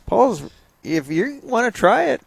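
A man's voice: extremely high pitch, sing-song, measured pace, gravelly, breathy edge, no room sound. A man chatting casually on a radio gardening show, enthusiastic, with stammering restarts.

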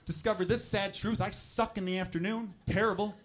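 A high-voiced man performing stand-up. He builds loud, mocking rants inside his bits. The recording carries steady background noise. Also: fairly quick. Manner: animated, shouting into mocking quoted rants. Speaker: stand-up comedian. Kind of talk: stand-up comedy set.

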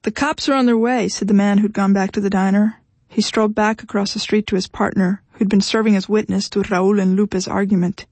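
Husky woman narrating an audiobook. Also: medium pitch, level tone, a little fast, a little mellow, no room sound.

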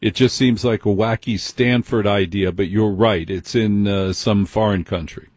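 A man's voice: lowish voice, steady tone, normal speed, a little mellow, slightly rough, no room sound. A man hosting a late-night call-in radio show, teasing his callers bluntly.

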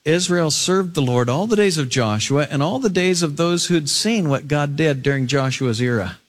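A male pastor preaching, reading scripture aloud and adding expressive asides. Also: fairly high pitch, normal speed. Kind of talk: sermon.

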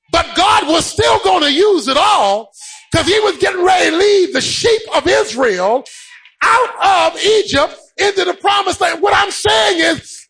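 A man preaching a sermon, swinging between shouted, sing-song peaks and quieter stretches. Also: very high-pitched, gravelly, rough recording.

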